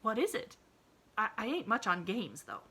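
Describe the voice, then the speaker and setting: A woman's voice: fairly high pitch, wildly swooping pitch, normal speed, pushed and bright, breathy edge, pitched above the performer's own voice, full character voice. A woman doing a flustered, folksy young housemaid. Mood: kindly. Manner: rustic folksy speech, flustered and exclaiming.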